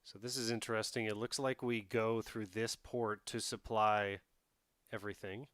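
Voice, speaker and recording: A man's voice: on the low side, flat delivery, normal speed, a bit bright, clean tone, no echo, clean studio sound. A man streaming a strategy game, thinking aloud and chatting with his viewers in a casual way. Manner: thinks aloud, talks to chat. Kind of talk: casual live-stream commentary while playing a strategy game.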